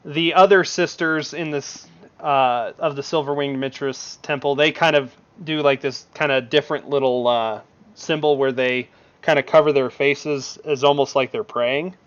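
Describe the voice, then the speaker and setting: A man's voice: mid-range voice, fairly even intonation, moderate pace, clean tone, lo-fi sound. A man narrating as game master in a tabletop game, rambling with many fillers.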